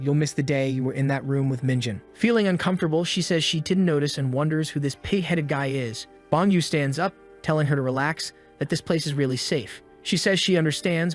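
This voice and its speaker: A man narrating a comic story recap, with snarky asides. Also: fairly high pitch. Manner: snarky and commenting. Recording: faint music behind.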